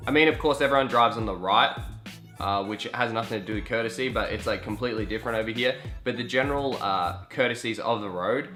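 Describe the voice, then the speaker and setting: A man's voice: medium pitch, fairly quick, bright, forceful tone, faint music behind. A young Australian man with an Australian accent who talks to camera in a chatty, rambling way and swears freely. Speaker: vlogger. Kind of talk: casual vlog monologue.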